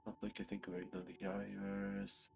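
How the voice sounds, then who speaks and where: A man's voice: lowish voice, completely flat delivery, measured pace, gravelly, a little mellow, soft background music. A man streaming a game, reading its narration and making casual asides.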